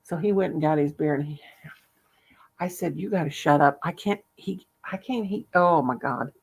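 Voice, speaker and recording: Older woman, gravelly and husky, chatty, laughs a lot, casual storytelling. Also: deep voice, normal speed. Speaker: vlogger.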